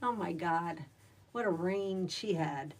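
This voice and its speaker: A woman's voice: fairly low pitch, takes it slowly, recorded from a distance. Middle-aged woman, stand-up comic, salty and chatty, a little off-mic. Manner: chatty, salty, rambling with many fillers. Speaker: livestream host and stand-up comic. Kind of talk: casual livestream chat.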